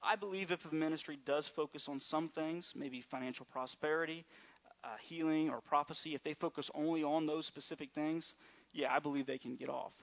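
A man's voice: fairly high pitch, steady tone, a little fast, gravelly. A man preaching in a conversational way, often checking in with his listeners. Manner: conversational, repeatedly asks "all right?" and "amen?". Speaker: pastor. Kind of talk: sermon. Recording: dull lo-fi sound.

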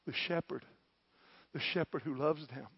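A man preaching a sermon, with an impassioned delivery that swells to loud peaks. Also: a little high, a little slow, creaky, husky, no room sound, muffled recording.

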